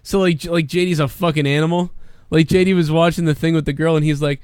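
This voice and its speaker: A man's voice: a little high, steady tone, fast talker, darkish tone, clear, resonant tone, no echo, studio quality. A man telling a rambling, crude story in casual chat, often mimicking others.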